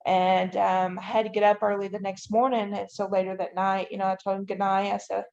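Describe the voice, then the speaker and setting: A woman's voice: medium pitch, little pitch movement, fairly quick, vocal fry, darkish tone. A woman guest on a podcast, giving a detailed personal account and often using "you know" and "I'm like". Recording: dull, lo-fi audio.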